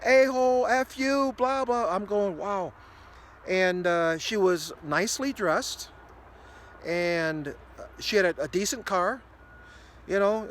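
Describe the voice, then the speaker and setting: A man's voice: on the high side, fairly bright tone, a little hiss or hum. A man in his sixties telling a rambling everyday story to camera, with many fillers and restarts. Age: 60s. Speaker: ministry video host.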